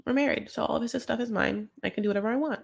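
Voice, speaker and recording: A woman doing a loud, demanding impression of a brash, furious middle-aged woman. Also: fairly high pitch, very fast, gravelly, breathy edge, voice pushed up, exaggerated voice. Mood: defiant.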